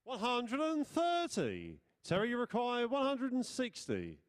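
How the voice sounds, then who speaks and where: A man working as a darts caller, announcing scores and what each player still needs in slow, stretched calls. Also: very high-pitched, wildly swooping pitch. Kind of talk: drawn-out sung score calls.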